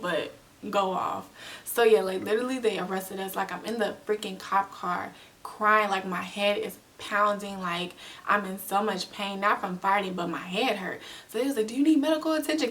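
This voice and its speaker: A young woman telling a storytime vlog in a casual, animated way, full of slang and acted-out quotes. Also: mid-range voice, creaky, far from the mic. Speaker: vlogger.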